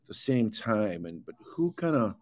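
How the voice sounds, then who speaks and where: A man's voice: on the low side, unhurried, dry recording. A man in casual chat about rock bands, telling stories with animation. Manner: storytelling, animated.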